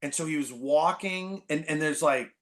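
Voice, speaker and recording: A man in his forties from the Bay Area, a podcast guest telling stories in an animated, rambling way full of "like". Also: a little high, normal speed. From San Francisco Bay Area. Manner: animated, filler-heavy, constant "like". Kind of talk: casual storytelling chat.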